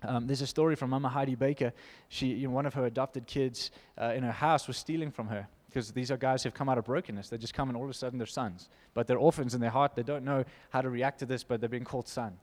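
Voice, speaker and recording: Animated preacher man, reverberant hall. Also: mid-range voice, quick pace, hardly any pauses. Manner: animated, emphatic, laughs between points. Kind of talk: informal sermon with scripture reading.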